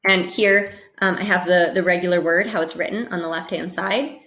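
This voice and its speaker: A woman's voice: lowish voice, fairly even intonation, a bit bright, reverberant. Patient American woman teaching pronunciation. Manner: patient, repeats sounds slowly and checks in with "okay?". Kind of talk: instructional lesson.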